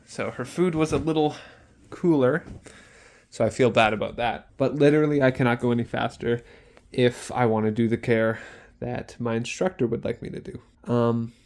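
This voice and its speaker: A man's voice: medium pitch, steady tone, normal speed, a little mellow. A young man, a student care worker, chatting casually in a vlog diary, rambling and acting out sounds.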